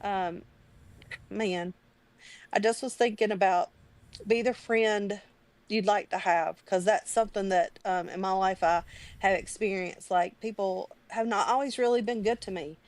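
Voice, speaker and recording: A woman's voice: mid-range voice, fairly even intonation, a little slow. A woman talking in a casual, heartfelt chat on a live stream, earnest and rambling, near tears as she thanks a friend. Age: adult parent.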